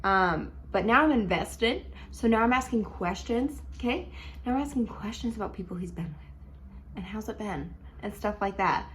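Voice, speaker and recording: A young woman casually telling a dating story at home in a chatty, animated way, full of likes and ums. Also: medium pitch, normal speed, a little hiss or hum. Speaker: vlogger.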